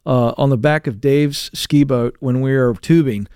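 A man's voice: medium pitch, unhurried, darkish tone, clean tone, dry recording, clean studio sound. A man in his forties hosting a live radio talk show, upbeat and chatty in his banter. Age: 40s. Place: broadcast studio. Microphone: studio microphone.

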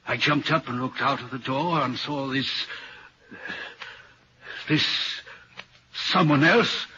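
Through a dull, old radio recording with a little hiss or hum, a man's fairly high, sharp-toned voice comes across. The actor plays an uneasy, haunted railway signalman in 1940s radio drama. He recounts a ghostly sighting earnestly.

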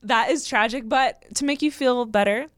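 A young woman co-hosts a casual podcast and reads a listener's letter aloud. She breaks in often with chatty asides and laughter. Her voice sits a little high and sounds close and dry. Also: normal speed, no room sound.

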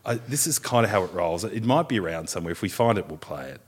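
A man's voice: low voice, fast, husky. An Australian man in his thirties, co-hosting a casual chat and telling stories with plenty of laughter. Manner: animated storyteller, laughing. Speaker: podcast co-host.

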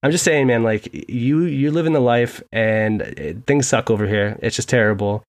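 A young man co-hosting a casual sports podcast from home, telling animated stories and laughing often. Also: medium pitch, moderate pace. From United States. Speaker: podcast co-host.

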